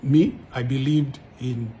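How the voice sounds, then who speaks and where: A man's voice: mid-range voice, steady tone, takes it slowly, warm tone, a little hiss or hum. A man with a Nigerian accent, a musician speaking straight to his followers in an emphatic, argumentative way, repeating points for force. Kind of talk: direct-to-camera address to followers.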